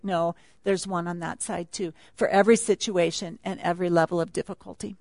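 A woman's voice: fairly low pitch, steady tone, a little fast, creaky, few pauses, a little mellow, no echo. A woman speaking at a retreat, teaching a Bible passage in a chatty, laughing sermon style.

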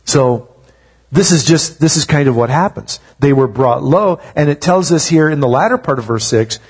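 Man pastor, husky and a touch high, conversational sermon full of rhetorical questions. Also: lively intonation, moderate pace.

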